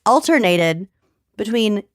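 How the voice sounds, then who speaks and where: A woman's voice: medium pitch, lively intonation, slow pace, no room sound, studio quality. A woman co-hosting a podcast, chatting casually in a giggly, playful way. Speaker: podcast co-host. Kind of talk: casual chat.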